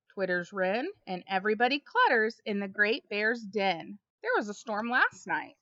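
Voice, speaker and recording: A woman reading a picture book aloud to young children, slow and expressive, chatting with them between pages. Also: medium pitch, no echo. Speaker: storybook reader. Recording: dull, lo-fi home recording.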